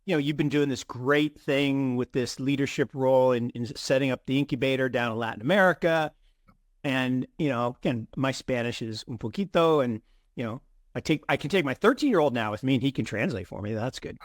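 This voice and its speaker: A middle-aged man co-hosting an investing show, chatting in an animated way with many restarts and repeated words. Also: medium pitch, brisk, no room sound, clean studio sound. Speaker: co-host of a crypto investing show. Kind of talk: casual conversational commentary.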